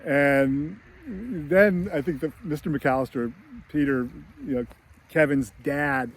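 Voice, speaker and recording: A man's voice: a little high, slow pace. A man casually retelling a film scene in a chatty way, laughing often and using many fillers. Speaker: screenwriting commentator.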